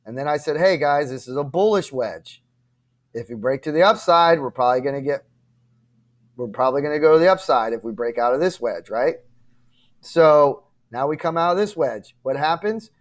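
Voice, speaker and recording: A man with a slightly high voice walks viewers through market charts in a loose, conversational way. He repeats himself and keeps checking in with "okay?" and "right?", pressing his points with insistence. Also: animated, moderate pace. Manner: emphatic, repetitive, addresses viewers directly with frequent "okay?" and "right?"; apologetic and frustrated at times. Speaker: crypto trading channel host. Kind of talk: casual chart walkthrough.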